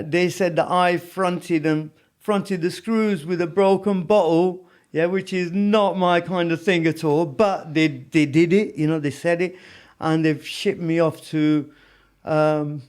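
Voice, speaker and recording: A man telling prison stories in a casual interview, rambling with lots of "you know what I mean". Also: fairly high pitch. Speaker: podcast guest.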